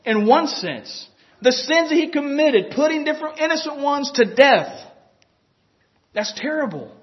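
A man preaching a sermon, telling a personal story and acting out the inner voices of the people in it, with the odd chuckle. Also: very high-pitched. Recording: dull lo-fi recording.

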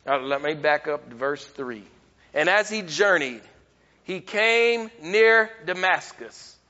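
A man preaching a sermon, emphatic, rising to near-shouts and then dropping low. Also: animated, takes it slowly, in a large hall, dull audio.

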